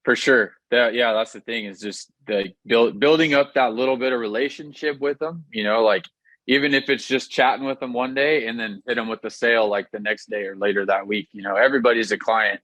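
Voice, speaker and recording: A man chatting casually on a coaching call, agreeable and easygoing, using relaxed slang. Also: medium pitch, a little fast, dry recording, muffled recording. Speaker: coaching client.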